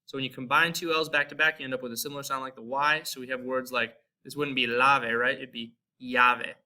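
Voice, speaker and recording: Bright-voiced American man teaching Spanish. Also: medium pitch. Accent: American English. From United States. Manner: relaxed, spells out and repeats example words slowly. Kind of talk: casual spoken lesson.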